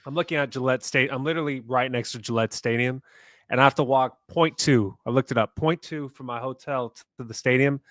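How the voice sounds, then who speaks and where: A man co-hosting a sports podcast, telling self-mocking stories in an animated way. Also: medium pitch, fairly quick, no room sound. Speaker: podcast co-host. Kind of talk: casual sports podcast chat.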